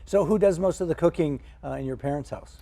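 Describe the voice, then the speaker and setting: A man hosting a studio interview, asking measured questions and giving short prompts and brief acknowledgments. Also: a little high, gravelly, dark tone. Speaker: radio interview host. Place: radio studio.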